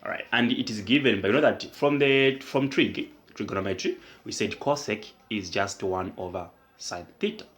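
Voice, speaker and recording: A man's voice: fairly low pitch, a bit bright. A man tutoring math, explaining each step and prompting with questions. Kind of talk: whiteboard math lesson.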